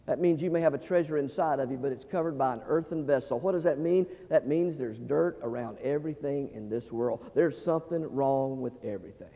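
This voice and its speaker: A middle-aged man preaching a humorous storytelling sermon, animated, with stammering restarts and phrases repeated for effect. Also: medium pitch, a little fast, few pauses. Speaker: pastor. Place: large church sanctuary. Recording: dull, reverberant church hall recording.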